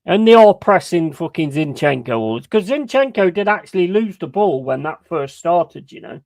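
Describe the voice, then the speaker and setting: A man's voice: on the high side, lively intonation, moderate pace, gravelly, no echo. A man doing live watch-along commentary of a football match, ranting, swearing heavily and chatting to his viewers. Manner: heavy swearing, ranting and frustrated; banters with chat and gives shout-outs.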